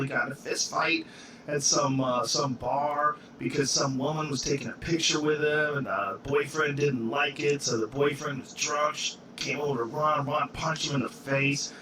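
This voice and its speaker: A man's voice: a little high, normal speed, recorded from a distance, background noise. A man hosting a casual podcast chat, talking loosely and rambling with lots of "like". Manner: loose, rambling, says "like" often.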